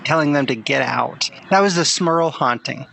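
A man's voice: a little high, normal speed, creaky, fairly bright tone, a little hiss or hum, rough recording. A man co-hosting a podcast in casual chat, easygoing and curious, thinking aloud with fillers. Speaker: podcast co-host.

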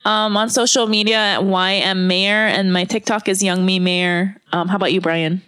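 Woman co-host, mid-pitch voice, giggly, emotional. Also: fairly even intonation, moderate pace, a bit bright. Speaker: podcast co-host. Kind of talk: casual chat.

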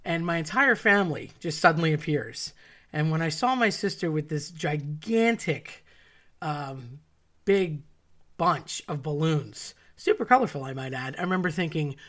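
A woman's voice: sits low, moderate pace, a bit bright. Wry woman telling a true story. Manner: wry, self-mocking, comic asides. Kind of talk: personal story told to an audience.

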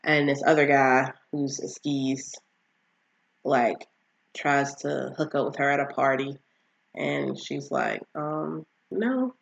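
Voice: mid-range voice, expressive, slow, creaky, dull audio. A vlogger casually recapping a TV series, rambling with lots of fillers and acting out the characters' lines.

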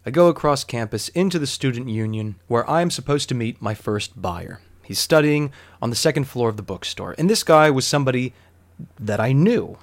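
Wry storytelling man, mid-pitched. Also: lively intonation, moderate pace. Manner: candid, wry, conversational with profanity. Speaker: podcast host. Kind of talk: storytelling monologue.

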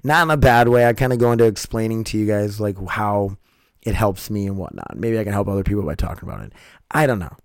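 Man, podcast host, scratchy strained throat, rambling and profane, low voice, dry close sound. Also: expressive, fast talker, gravelly, dry recording. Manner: rambling, profane, self-interrupting. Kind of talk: casual late-night monologue.

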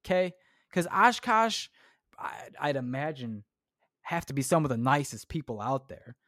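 A man's voice: medium pitch, normal speed, no room sound, clean studio sound. A man hosting a solo podcast, rambling casually and tossing in "man" and "dude.". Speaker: podcast host. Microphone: clip-on shirt mic.

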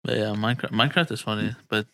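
Fast, bright, gravelly young man. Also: lowish voice, steady tone, no echo, clean studio sound. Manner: quick short interjections, slangy. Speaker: friend in a casual group chat. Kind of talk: casual chat.

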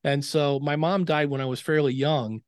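A man's voice: fairly high pitch, moderate pace, dry recording, studio quality. A middle-aged man, a podcasting expert guest in a casual interview, telling stories and acting out quoted dialogue. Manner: animated storyteller who acts out quoted dialogue.

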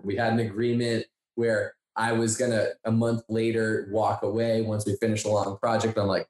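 A man co-hosting a podcast, telling a story in a casual, animated way and acting out the dialogue he quotes. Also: lowish voice, normal speed, few pauses. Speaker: podcast co-host. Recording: echoey room.

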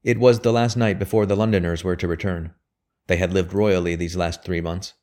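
A man narrates a classic novel in a very deep voice. His reading is steady and measured, with a calm, even delivery. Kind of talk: audiobook narration of a period novel.

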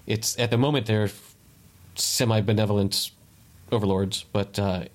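A man with a fairly low voice chats casually on a podcast. He explains at length, stumbles and restarts his sentences as he goes. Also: fairly even intonation, moderate pace. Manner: rambling, self-correcting, explains at length. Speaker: podcast co-host. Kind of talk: casual chat.

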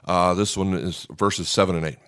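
A man's voice: low voice, fairly even intonation, moderate pace, fairly bright tone, clear, resonant tone. A man preaching a conversational Bible teaching, often checking in with listeners by asking "okay?". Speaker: pastor. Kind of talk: sermon teaching.

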